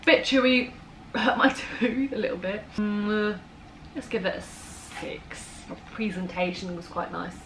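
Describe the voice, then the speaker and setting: A young English woman, chatty and quick to laugh, taste-testing sweets and giving scores. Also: mid-range voice, fairly even intonation, a bit bright. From England. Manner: chatty, laughs easily, teasing. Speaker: vlogger. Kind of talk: casual taste-test chat. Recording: noisy home recording.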